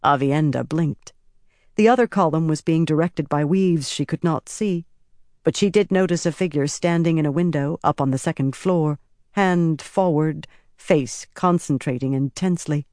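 A narrator reading a fantasy novel aloud in a measured, dramatic storytelling manner. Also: medium pitch, a little mellow, dry recording, studio quality. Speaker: audiobook narrator. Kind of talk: scripted fantasy audiobook narration.

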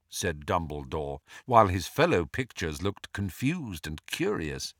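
A man reading a fantasy novel aloud as an audiobook narrator, with expressive, measured storytelling. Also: sits low, no echo, clean studio sound. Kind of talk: scripted narration.

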